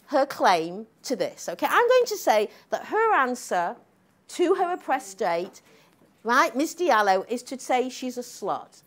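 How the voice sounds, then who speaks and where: A middle-aged woman giving a public lecture, emphatic and combative, tagging her points with questions to the audience. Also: high-pitched. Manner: emphatic, combative, frequent "okay?" tags.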